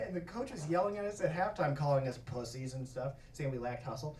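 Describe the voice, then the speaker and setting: A man telling a stand-up story on a comedy club stage, profane and animated, often breaking into laughter. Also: a little high, brisk, far from the mic, a little hiss or hum. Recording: echoey club miked from afar. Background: audience laughter.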